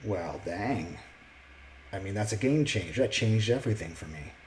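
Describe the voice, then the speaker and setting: Vlogger, male, lower register; earnest, reflective testimony, stop-start phrasing; faint background hiss. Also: lively intonation, a little mellow, rough recording. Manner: halting, with many restarts and fillers. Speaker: vlogger sharing his testimony. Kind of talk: casual personal testimony.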